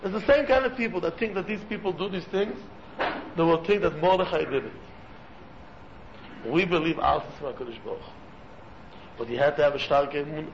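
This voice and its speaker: Animated man preaching, muffled recording. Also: brisk, pauses often, crowd noise. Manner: animated, acts out quoted dialogue, sudden pitch jumps; mixes in many Hebrew and Yiddish terms. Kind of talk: sermon-like talk with retold stories. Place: room with listeners. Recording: muffled recording with faint room noise.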